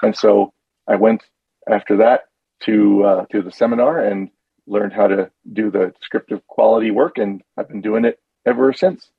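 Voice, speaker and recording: Gravelly man telling his story. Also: fairly low pitch, steady tone, moderate pace, dry recording, phone-quality sound. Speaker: panel guest, description narrator. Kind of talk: conversational storytelling.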